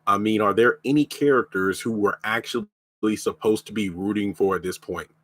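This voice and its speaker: Guy with a cough ranting about a tv show, blunt, lowish voice, dry mic. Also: normal speed, a bit bright, dry recording. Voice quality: blunt, opinionated. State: lingering cough. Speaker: show reviewer. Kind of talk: casual live-stream review.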